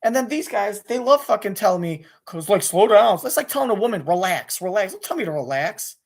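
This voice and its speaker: Fast-talking man in a profane rant. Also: high voice, big pitch swings, vocal fry. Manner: rapid, restless, with many restarts and swearing. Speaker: sports radio caller venting on his channel. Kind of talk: angry profane rant to camera.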